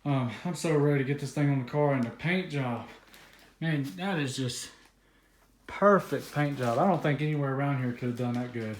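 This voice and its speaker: A young man in his twenties from the US South talks through an unboxing in a loose, rambling vlog, full of fillers and happy excitement. He sounds a little out of breath. The room around him rings with echo, and a faint hiss sits underneath. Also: mid-range voice, normal speed. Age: 20s. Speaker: car vlogger.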